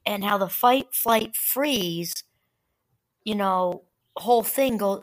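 A woman hosting a solo talk, speaking gently and conversationally, reading quotes aloud now and then. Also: medium pitch. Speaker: podcast host. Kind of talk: reflective solo talk on fear and mindfulness.

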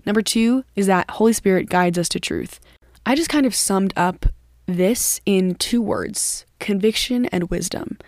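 A woman's voice: medium pitch, measured pace, darkish tone, no echo, clean studio sound. A woman hosting a devotional podcast, talking earnestly in a conversational way. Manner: earnest and conversational, with frequent "like" and "literally". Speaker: podcast host.

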